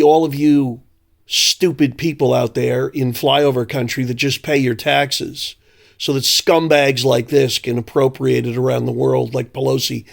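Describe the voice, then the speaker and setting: Male commentator, gravelly and mocking, ranting solo. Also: mid-range voice. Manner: angry, sarcastic, mocking.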